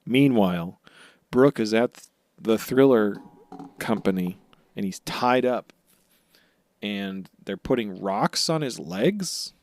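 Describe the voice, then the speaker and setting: A man's voice: lowish voice, expressive, slow pace, pauses often, darkish tone, no room sound. A man co-hosting a podcast, recapping episodes in casual chat and jokingly acting out characters' lines. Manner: jokey, acts out characters' lines mid-recap. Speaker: podcast co-host.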